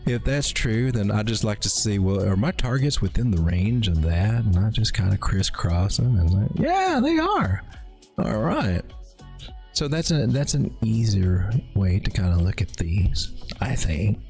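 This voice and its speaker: A man's voice: lowish voice, moderate pace, creaky, dark tone, soft background music. A man hosting a late-night crypto livestream, casually rambling through chart analysis with playful dad jokes. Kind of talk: casual live market analysis.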